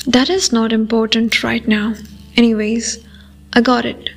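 A woman's voice: on the high side, little pitch movement, vocal fry. A woman reading the lines of an anxious, fretful middle-aged mother who snaps defensively. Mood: worried, defensive. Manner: brisk, defensive and irritable. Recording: faint music behind.

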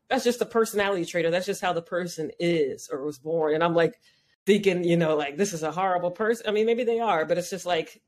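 A woman co-hosting a casual podcast chat, talking loosely and acting out her own thoughts in quick asides. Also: on the low side. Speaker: podcast co-host.

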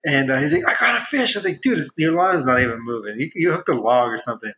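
A young man telling a fishing story in casual chat on a podcast, rambling with restarts and jumping into excited quoted voices. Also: mid-range voice, fast, poor audio. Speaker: podcast guest.

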